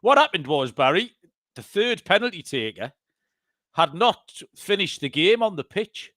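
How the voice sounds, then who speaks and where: A man's voice: sits high, very animated, a little slow, a bit bright, no echo, studio quality. A man co-hosting a betting podcast in casual chat, joking and swearing. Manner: swears, laughs often, jokey. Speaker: podcast co-host.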